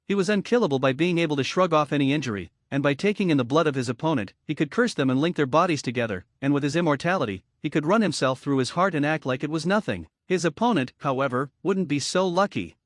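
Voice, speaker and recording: A man narrating a fan fiction story aloud with a steady, even reading. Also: fairly high pitch, dry recording, studio quality.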